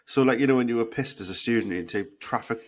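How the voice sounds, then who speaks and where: A man's voice: medium pitch, fast talker, background noise. A Northern Irish man co-hosting a casual beer podcast, laid-back and dry, swearing casually. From Northern Ireland. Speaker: podcast co-host. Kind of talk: casual chat.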